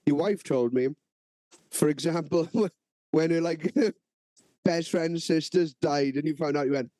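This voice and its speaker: A man's voice: fairly high pitch, mellow, no room sound. A man co-hosting a podcast, joking and swearing in a casual chat. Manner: joking, sweary, quick to laugh. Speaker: podcast co-host.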